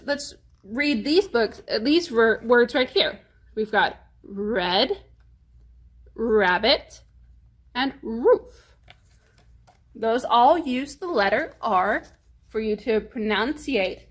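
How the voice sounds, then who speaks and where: Slow-reading storytime woman, emphatic. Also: a little high, lively intonation. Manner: slow, emphatic teaching of letter sounds. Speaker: children's librarian. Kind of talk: children's storytime read-aloud.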